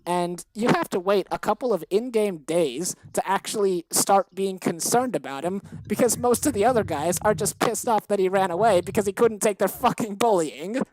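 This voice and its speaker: A woman's voice: medium pitch, darkish tone, no room sound, low-quality recording. A woman co-hosting a podcast, ranting heatedly with lots of swearing and exasperation. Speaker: podcast co-host. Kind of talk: casual chat.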